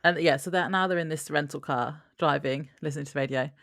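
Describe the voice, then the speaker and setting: A woman with a very low, gravelly voice chats through an episode recap. She giggles often and keeps an easygoing pace. The sound is close and dry. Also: quick pace, a bit bright, no room sound. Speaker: podcast co-host. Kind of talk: casual TV episode recap chat.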